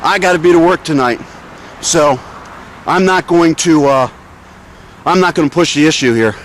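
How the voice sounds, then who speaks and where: A man's voice: sits high, a bit bright. A man protesting and filming police officers by a roadside, indignant and sarcastic, lecturing them as he goes. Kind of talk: confrontational street recording. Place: outdoors beside a road.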